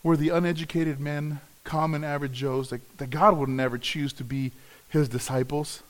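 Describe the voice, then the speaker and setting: High-voiced man preaching a sermon. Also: steady tone, normal speed. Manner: earnest, repeats words as he restarts. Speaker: pastor.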